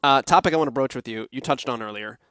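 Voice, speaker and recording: A man's voice: mid-range voice, quick pace, fairly bright tone, smooth, no room sound, studio quality. A man hosting a podcast, asking interview questions in a hesitant way with many fillers. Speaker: podcast host.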